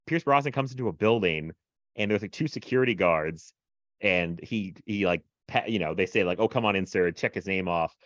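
A man's voice: low voice, normal speed, fairly bright tone, no room sound, muffled recording. A man co-hosting a podcast in casual chat, rambling with lots of fillers and frequent laughs. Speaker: podcast co-host.

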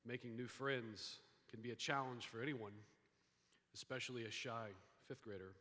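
Male pastor, sermon, bright tone, long hall reverb, storytelling delivery. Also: mid-range voice, normal speed. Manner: storytelling, shifts between hushed and lively emphasis. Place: church sanctuary.

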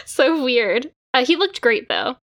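A woman's voice: high voice, big pitch swings, slow, a bit bright. A woman co-hosting a casual podcast, recapping a TV episode in a laid-back, sarcastic way, with some swearing. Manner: laid-back, sarcastic, swears, quotes characters in mock voices. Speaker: podcast co-host recapping a drama. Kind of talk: casual chat.

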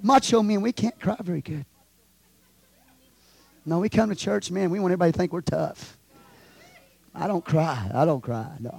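A man preaching a sermon as pastor, swinging from quiet storytelling to shouted calls to the congregation. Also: high voice. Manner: preaching with rising shouts and call-and-response asides.

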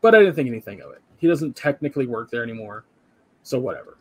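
A tired young man who co-hosts a podcast casually retells a work story, acting out the voices of the people involved and swearing offhandedly. His medium-pitched voice is husky, and his pace is quick.

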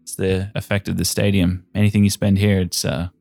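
A man's voice: low-pitched, little pitch movement, fairly quick, gravelly, darkish tone, no echo, faint music behind. A man voicing a brash, cocky young male athlete with a mullet, talking in a boisterous, slangy, matey way. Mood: chummy.

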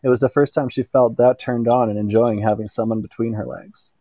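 A man reading an erotic story aloud in an unhurried way, now and then stumbling and correcting himself. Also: mid-range voice, steady tone, warm tone, no echo. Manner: unhurried reading with small slips and self-corrections. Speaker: narrator.

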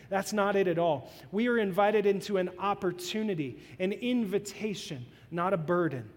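A young man giving a sermon as pastor, earnest and conversational, sometimes pleading softly. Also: high voice, fairly quick, hardly any pauses, in a large hall.

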